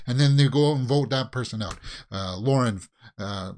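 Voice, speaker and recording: A man doing casual watch-along commentary at a medium pitch. His voice is very lively and climbs sharply whenever he gets exasperated and fires off the same question again and again. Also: brisk. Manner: animated, exasperated rants with repeated questions. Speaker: reaction video host.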